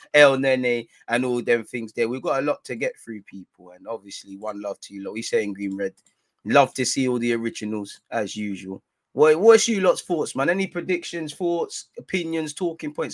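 A man's voice: medium pitch, fairly bright tone, no echo. A young man, talking to camera in a playful, slang-heavy fan vlog in front of a green screen. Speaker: football vlogger.

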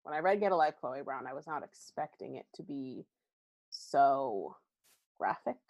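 A woman's voice: a bass voice, animated, moderate pace, a little mellow, no echo. A woman podcast host in casual chat, candid and chatty, rambling through asides with lots of likes and ums. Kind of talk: casual book review chat.

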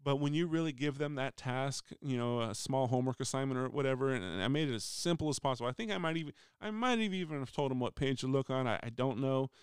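Speaking fast with few pauses, a middle-aged union steward tells a rambling, casual story in a voice message, restarting often and acting out quoted voices. His medium-pitched voice is animated and smooth, with clean studio sound and no echo.

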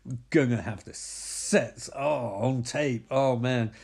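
A man voicing a smug young man who mumbles low and quietly. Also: slow, creaky, breathy edge, full character voice.

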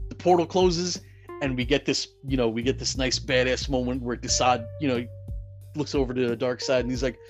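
A man's voice: medium pitch, brisk, soft background music. A man casually recapping a movie, rambling with lots of fillers and some swearing, getting worked up over the action. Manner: rambling, heavy "you know" and "like" fillers, profane; grows excited and loud at the climax.

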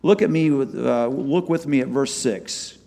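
A man preaches a sermon and retells a scripture story with real animation. His voice swings from loud passages to quiet ones. A long reverb hangs behind him, as in a large church sanctuary. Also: mid-range voice, unhurried, creaky. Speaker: pastor.

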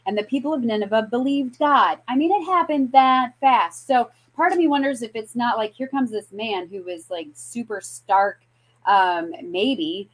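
A woman hosting a scripture show, retelling a Bible story in a chatty, animated way with many fillers and restarts. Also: fairly high pitch, normal speed, poor audio. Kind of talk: casual Bible teaching.

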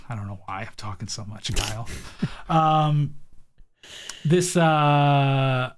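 A man's voice: mid-range voice, slow, pauses often, a little hiss or hum. A man co-hosting a podcast, chatting casually about a movie, rambling with lots of "like" and frequent laughter. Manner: rambling, heavy use of "like", laughs often. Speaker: podcast co-host. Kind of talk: casual chat reviewing a movie.

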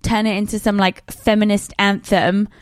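A young British woman hosting a casual interview, opinionated and chatty, tossing in quick asides. Her voice sits at a middle pitch. The sound is dry and close. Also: level tone, clear, resonant tone, dry recording. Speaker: podcast host.

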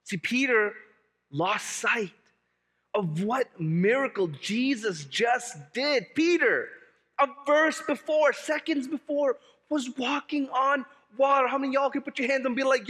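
High, bright-voiced animated male pastor. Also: a little slow, breathy edge, long reverb tail. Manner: animated, humorous, repeats key phrases. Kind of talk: sermon.

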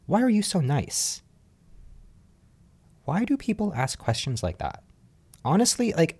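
A man hosting a podcast, chatting casually and laughing often as he recaps a reality show from home. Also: medium pitch. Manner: chatty, animated, laughs often, frequent fillers. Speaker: podcast host. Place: home apartment.

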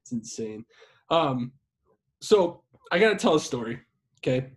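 A man hosting a podcast, telling a story in casual chat. He is animated and profane, and he acts out the voices he quotes. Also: mid-range voice, a little slow, husky. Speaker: podcast host.

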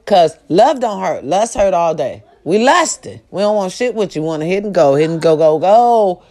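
A middle-aged woman chatting casually and loudly to her viewers, swearing freely and breaking into snatches of song. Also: on the low side, normal speed. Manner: loud, profane and animated, with sung snippets. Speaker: live-stream host.

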